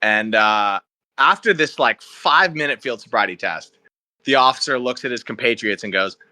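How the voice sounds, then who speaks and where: A young man telling a story on a casual podcast, animated and wry, with laughs as he goes. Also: mid-range voice, moderate pace, no room sound. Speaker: podcast co-host.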